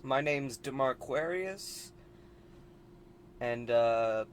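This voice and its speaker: A man voicing a goofy young male prankster who greets gamers loudly, drawls his words and trails off with fillers. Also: medium pitch, animated, extremely slow, slight background noise.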